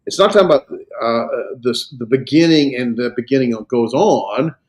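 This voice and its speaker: A man with an American Southern accent teaching a Greek class, explaining slowly with many fillers and restarts. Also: mid-range voice, animated. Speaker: Greek instructor. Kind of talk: classroom lecture and Q&A.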